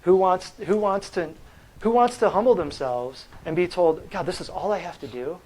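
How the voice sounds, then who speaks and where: A man's voice: high-pitched, normal speed, darkish tone, rough recording. Emphatic man quizzing his audience. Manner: blunt and combative. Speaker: natural health practitioner giving a talk. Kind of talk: lecture to a live audience.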